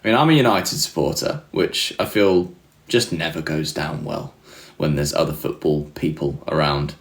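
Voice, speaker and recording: A man's voice: very deep voice, normal speed, echoey room. A young man hosting a livestream, chatting casually and rambling through self-deprecating stories with laughs. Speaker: livestream host. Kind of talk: casual chat reading live comments.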